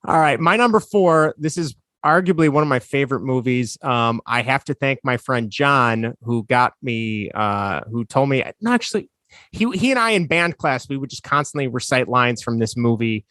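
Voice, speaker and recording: A man's voice: medium pitch, lively intonation, normal speed, a bit bright, no echo, clean studio sound. A man with a Chicago accent co-hosting a podcast, chatting casually and enthusiastically in a rambling way, laughing often. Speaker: podcast co-host. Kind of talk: casual chat.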